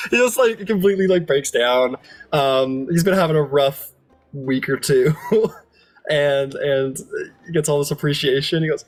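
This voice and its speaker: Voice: medium pitch, lively intonation, normal speed. A game master narrating a tabletop game in a loose, rambling way, full of fillers and laughter.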